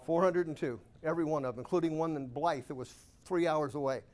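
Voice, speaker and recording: A man giving a keynote talk to a live audience, telling lively, self-amused stories and asking the room questions. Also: on the high side, fast. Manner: animated, self-amused anecdotes with rhetorical questions. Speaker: guest speaker at a real estate investor club.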